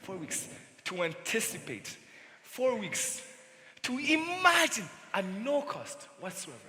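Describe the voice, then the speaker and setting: A young man plays a charming con man who sells with grand theatrical flourishes. His voice is high and very bright, swinging wildly from a murmur to a triumphant shout. It rings out from a stage in a big echoing hall. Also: huge pitch swings, takes it slowly, heavily acted. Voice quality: theatrical, persuasive, booming flourishes. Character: smooth-talking charming male con man salesman. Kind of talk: school stage musical acting. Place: school stage in a large hall. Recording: echoey hall, voice from far off.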